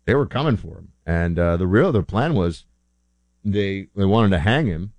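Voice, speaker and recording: A man's voice: sits low, lively intonation, normal speed, darkish tone, no echo. A man hosting a show, talking in a rambling, chatty way and often correcting himself. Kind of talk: casual monologue.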